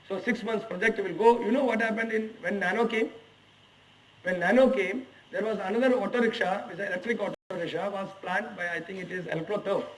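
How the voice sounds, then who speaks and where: A man's voice: high-pitched, fairly bright tone, far from the mic, low-quality recording. A man in his forties with an Indian English accent, giving a lecture to management students and asking them emphatic rhetorical questions. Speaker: HR executive giving a guest lecture. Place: lecture hall at a management institute.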